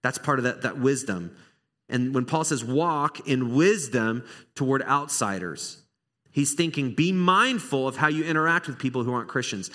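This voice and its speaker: Bright-voiced pastor preaching conversationally. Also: male voice, mid-range voice, normal speed. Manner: animated, conversational, acts out small dialogues. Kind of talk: sermon. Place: church sanctuary.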